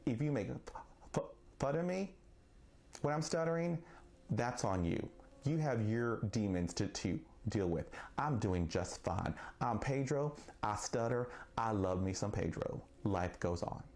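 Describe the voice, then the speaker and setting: Slow, gravelly man speaking earnestly. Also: lowish voice, animated, darkish tone. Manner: earnest, slow and deliberate, with occasional stuttered restarts. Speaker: vlogger sharing his experience of stuttering. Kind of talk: personal vlog monologue.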